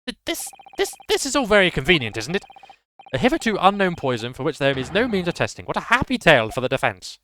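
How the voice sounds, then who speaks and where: Dude doing a pompous prosecutor, high strained shouty voice, all over the place. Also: male voice, wildly swooping pitch, quick pace, slight background noise, exaggerated voice. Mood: blustering. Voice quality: shrill, blustering, loud. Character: pompous shrill male prosecutor, blustering.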